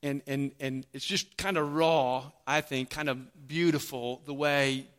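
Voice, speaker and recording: A man preaching a sermon, animated, acting out the voices of the crowd. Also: medium pitch, unhurried. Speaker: pastor.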